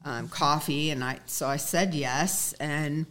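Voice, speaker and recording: Earnest woman with a lowish voice. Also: slow pace, a bit bright. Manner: earnest, recounts events by acting out quoted dialogue. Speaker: guest. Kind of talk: personal storytelling in a conversation.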